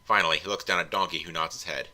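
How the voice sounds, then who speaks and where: A man with a very low voice and a sharp, bright edge reads a bad fan story aloud for laughs. He keeps it deadpan and drops wry asides between the lines. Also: rapid-fire. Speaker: fanfiction reviewer reading aloud. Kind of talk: comedic read-through.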